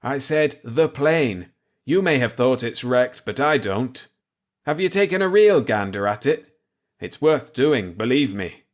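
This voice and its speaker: A man reading aloud, voicing an older man called Pop who speaks in a calm, matter-of-fact way. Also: mid-range voice, measured pace, pitched above the performer's own voice, close to an everyday voice.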